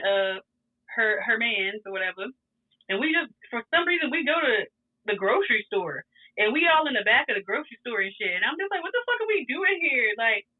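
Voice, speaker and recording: A woman telling a wild story in a casual, animated, profane way, laughing often. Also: fairly high pitch. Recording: tinny phone-like sound.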